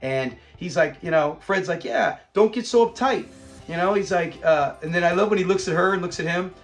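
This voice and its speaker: A man hosting a casual episode review, retelling scenes with lively acted-out lines and frequent laughs. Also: high voice, a little fast, soft background music. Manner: animated retelling, acts out the characters' lines, laughs often.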